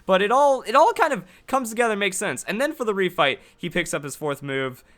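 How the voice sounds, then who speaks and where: Excitable bright-voiced man. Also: high-pitched. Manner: fast, excitable, restarts often. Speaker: gaming youtuber. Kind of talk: excited commentary.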